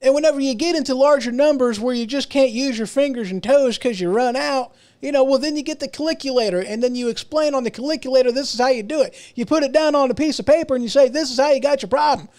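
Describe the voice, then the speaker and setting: A middle-aged man with a notably high-pitched voice hosts his own podcast, talking alone in a loose, rambling rant. He repeats words and restarts his sentences, and he often pokes fun at himself. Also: fast, hardly any pauses, darkish tone. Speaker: podcast host. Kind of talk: casual solo rant.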